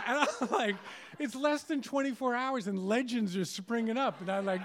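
A man's voice: very high voice, normal speed, a bit bright, slight background noise. A middle-aged man telling a story to a live audience, conversational and wry, amused at himself.

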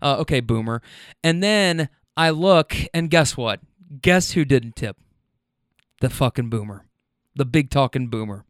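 A man's voice: medium pitch, lively intonation, measured pace, dry recording, clean studio sound. A man who hosts a podcast and drives rideshare, telling a rambling story with swearing and lots of restarts. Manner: rambling, profane, many restarts. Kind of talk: casual storytelling.

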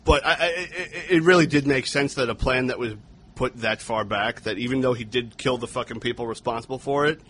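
Mid-pitched man recapping a movie plot. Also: brisk, a bit bright, slight background noise. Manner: plot-recapping, casually profane. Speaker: podcast co-host. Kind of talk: casual movie discussion.

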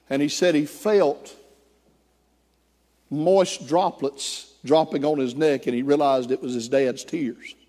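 A man's voice: fairly high pitch, big-room sound. A man preaching a sermon, telling a story and acting out the voices of the people in it. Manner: animated, acts out quoted voices. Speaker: pastor.

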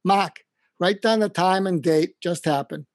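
A man's voice: high-pitched, unhurried, no room sound, clean studio sound. A man doing a coaxing old Boston mentor. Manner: repeats the name, pushes gently with questions. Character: older male mentor, warm, coaxing, insistent.

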